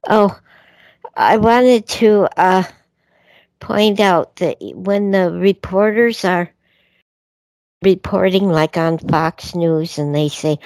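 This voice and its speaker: A woman's voice: lowish voice, takes it slowly, pauses often, darkish tone, no echo. A woman calling in to a radio talk show, speaking in a hesitant, casual way with many fillers. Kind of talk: casual chat.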